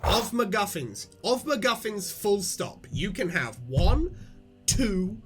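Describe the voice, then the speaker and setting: A man hosting a podcast, chatting excitably with frequent swearing and restarts, and reading a comic aloud. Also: sits high, slow, slightly rough, soft background music. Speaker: podcast host and reader. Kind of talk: casual chat and reading aloud.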